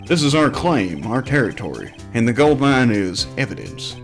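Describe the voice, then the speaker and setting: A man's voice: medium pitch, huge pitch swings, normal speed, creaky, faint music behind. A man voicing a swaggering male detective who talks like a Wild West cowboy, drawling in western slang.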